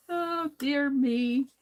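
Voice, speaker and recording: Slow-talking woman chatting through a craft stream. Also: sits high. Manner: chatty, laughs often, talks to viewers while drawing. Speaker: crafting livestream host. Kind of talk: casual crafting chat while working.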